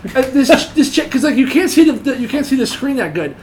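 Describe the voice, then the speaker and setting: A man with a high voice talks quickly and loosely, swearing constantly as he rambles through stories among friends. A faint hum of ambient noise sits behind him. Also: very animated, a little mellow. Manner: profane, rambling storytelling with frequent laughter. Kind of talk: casual chat.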